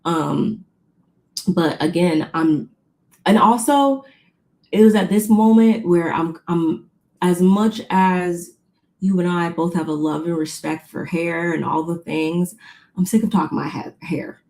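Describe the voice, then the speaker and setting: A podcast co-host recaps a reality show in casual chat, speaking a little slowly in a mellow, low voice. She's chatty and animated, retelling scenes with quoted voices and plenty of "y'all."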